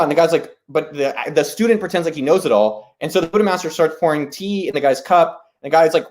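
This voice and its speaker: A man hosting a live stream, talking in a casual, rambling way, excited and swearing freely. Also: fairly high pitch, very fast, few pauses. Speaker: host.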